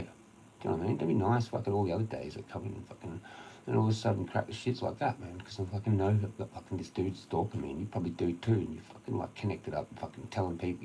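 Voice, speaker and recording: Swearing, rambling Australian man with a gravelly voice. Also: deep voice, fast talker, dark tone, slight background noise, rough recording. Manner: heavy swearing, agitated, rambling storytelling. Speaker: livestreamer. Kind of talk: casual rambling rant.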